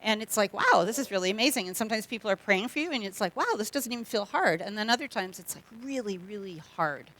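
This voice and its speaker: A woman's voice: mid-range voice, expressive, fast talker, hardly any pauses, a bit bright. A middle-aged Canadian woman, a guest speaker giving a humorous testimony talk in a church, chatty and joking, acting out quoted voices.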